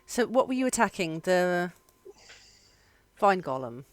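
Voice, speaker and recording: Lively woman running a game. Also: on the low side, no room sound. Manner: lively, chatty, quick to laugh. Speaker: game master.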